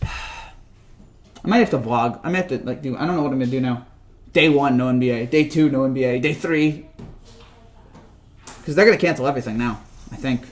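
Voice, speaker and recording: A man's voice: medium pitch, fast, pauses often. A man vlogging about sports in a casual rant, rambling and joking and often repeating himself.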